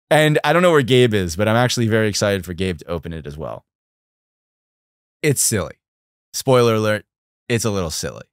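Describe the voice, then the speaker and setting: Chatty young man streaming, low voice. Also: fairly quick, pauses often, smooth, no echo, studio quality. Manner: chatty, animated, swears casually. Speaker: livestream host. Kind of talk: casual livestream chat.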